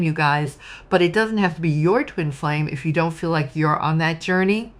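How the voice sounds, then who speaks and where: Gushing low-voiced woman reading tarot. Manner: warm, gushing, emotional, addresses viewers as "you guys". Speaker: tarot reader. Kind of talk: casual tarot reading monologue.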